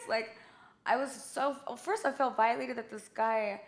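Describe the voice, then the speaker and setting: A woman's voice: on the high side, fairly even intonation, a little slow. A woman being interviewed, telling stories casually with lots of fillers and quoted dialogue. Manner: chatty storyteller, many fillers. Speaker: interview guest.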